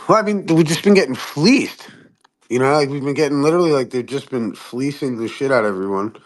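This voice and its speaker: Animated, swearing man in casual talk. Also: fairly quick. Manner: profane, animated, mimics people in high voices. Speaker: podcast host. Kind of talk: casual chat.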